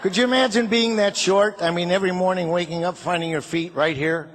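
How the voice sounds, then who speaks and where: A man's voice: sits high, steady tone, fairly quick, a bit bright, a little hiss or hum. An older man doing a stand-up comedy routine, firing off punchy one-liners and chuckling at his own jokes. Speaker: comedian and show host.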